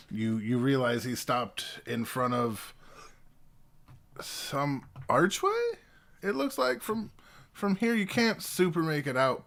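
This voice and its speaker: A man narrating as game master of a tabletop game, halting and full of fillers and restarts. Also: medium pitch, fairly bright tone.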